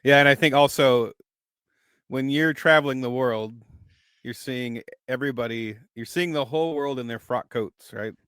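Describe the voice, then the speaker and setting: A man's voice: medium pitch, normal speed, fairly bright tone, clean tone, no echo, clean studio sound. A man co-hosting a podcast, casually discussing a book and thinking aloud as he goes. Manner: thinks aloud, restarts phrases. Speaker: podcast co-host.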